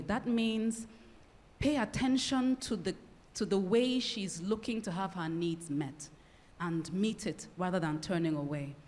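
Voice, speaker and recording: Woman lecturing in an echoey hall. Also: on the low side. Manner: animated, acts out short example dialogues. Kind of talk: public lecture. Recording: long reverb of a lecture hall.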